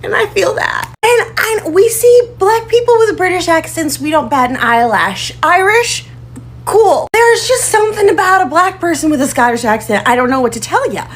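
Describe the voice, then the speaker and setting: High, lively woman gushing with delight. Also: normal speed. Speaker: TikTok creator. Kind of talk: casual reaction monologue.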